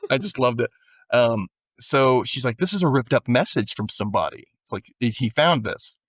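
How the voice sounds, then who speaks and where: A man's voice: mid-range voice, normal speed, no echo, highs cut off. Man animatedly recapping a TV episode. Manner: animated retelling, acts out character lines. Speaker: podcast host. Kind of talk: casual recap chat.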